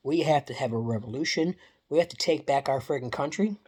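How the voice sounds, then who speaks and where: Woman, low voice, profane, repetitive vlog ranter. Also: brisk, darkish tone, husky. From Canada. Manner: heated, profane, repetitive, with many restarts. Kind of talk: casual political rant vlog.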